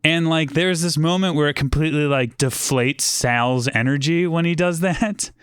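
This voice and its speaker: A man's voice: a little high, normal speed, a bit bright, clear, resonant tone, no room sound, studio quality. A man talking casually about a film, rambling with lots of fillers and restarts. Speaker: podcast guest. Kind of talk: casual movie discussion.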